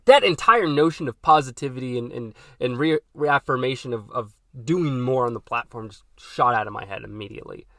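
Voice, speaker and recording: A man's voice: mid-range voice, lively intonation, fairly quick, hardly any pauses, fairly bright tone, no echo, clean studio sound. A young man hosting a podcast, telling a rambling story about a job gone wrong, full of fillers and exasperated venting. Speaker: podcast host. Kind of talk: casual storytelling rant.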